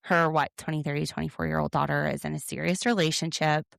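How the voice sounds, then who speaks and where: A woman with a deep, level voice and vocal fry talks fast while co-hosting a podcast, recapping a reality show in casual chat. Her take is opinionated and sarcastic. The studio-quality recording has no echo.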